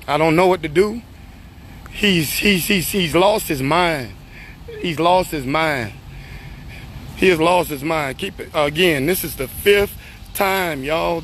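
An agitated, tearful man, recording himself on a phone outdoors. He repeats himself, swears and rises to shouting. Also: sits high, takes it slowly, gravelly, a little hiss or hum. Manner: distressed, repetitive, profane, rising to shouting. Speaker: upset citizen filming himself. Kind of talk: emotional phone video rant. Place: outdoors on a street by a car.

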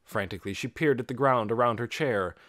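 A man reading an audiobook aloud with expressive storytelling. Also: medium pitch, a little fast, no room sound, studio quality. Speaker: audiobook narrator. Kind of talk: scripted audiobook narration.

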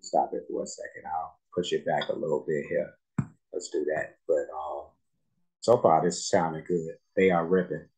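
Low-voiced man hosting a reaction. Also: little pitch movement, rough recording. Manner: soft-spoken, halting, thinking aloud. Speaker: music reaction host. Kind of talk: casual reaction commentary.

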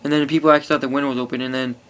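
A man's voice: medium pitch, level tone, very fast, a bit bright. A teenage boy rambling casually to an iPod camera, full of fillers and swearing. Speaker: vlogger. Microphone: phone or iPod held close.

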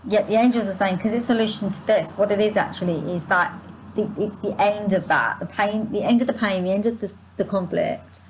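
A tarot reader with a medium-pitched voice gives an unplanned spiritual reading to viewers in a rough recording with slight background noise. Her throat sounds sore, her breath runs short, and she hunts for words through restarts and asides while sighing and yawning.

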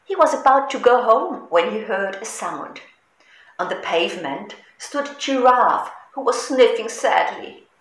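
A middle-aged woman reading a children's picture book aloud in a slow, expressive storytelling manner. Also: a little high. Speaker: storybook reader. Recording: echoey room.

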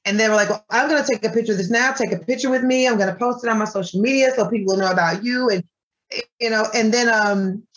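Animated woman telling a story, muffled sound. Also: fairly high pitch, fast talker. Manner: animated, acts out quoted dialogue with her voice. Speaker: guest, granola business owner. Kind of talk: casual storytelling in an interview.

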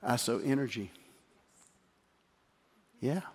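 A middle-aged man preaching a sermon as pastor, shifting from emphatic exhortation to quiet, tender storytelling. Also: mid-range voice, takes it slowly, slightly rough. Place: church sanctuary. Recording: hall reverb with faint music.

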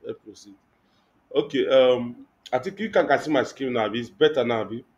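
A man's voice: mid-range voice, brisk, dull audio. A young man teaching web design in a live online class, thinking aloud with many restarts and fillers. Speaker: web development instructor.

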